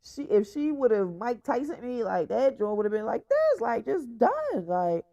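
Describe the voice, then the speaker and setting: With a fairly high, sing-song voice and a darkish tone, this young woman from Franklin, Virginia, USA, hosts her own show at a measured pace. Her casual storytime monologue is blunt, profane, and full of laughs, recorded with a dull, dry, lo-fi sound.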